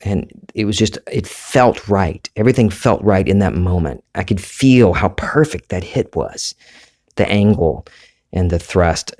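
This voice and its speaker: In a reflective solo episode of his podcast, a man from the Southern United States speaks with a deep, low voice at a relaxed, unhurried pace. He muses aloud in a conversational, rambling way, fixing his own words as he goes.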